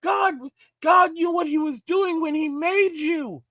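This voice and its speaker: A man voicing a fawning young male admirer who showers a woman with drawn-out, high-pitched praise. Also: fairly bright tone, no echo, clean studio sound, exaggerated voice. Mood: adoring.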